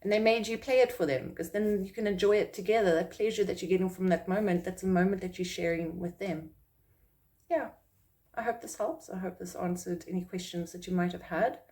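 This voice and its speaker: A woman's voice: on the low side, a little fast, dark tone. A woman from South Africa, a psychic medium, talking casually to camera and acting out quoted reactions in a raised voice. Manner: rambling, with fillers and restarts.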